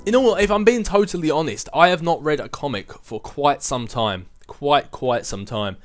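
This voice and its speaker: Soft background music accompanies a young man in his twenties as he answers viewers' questions on his vlog. His pitch is fairly high and his pace moderate, and his casual, meandering chat is full of self-deprecating asides.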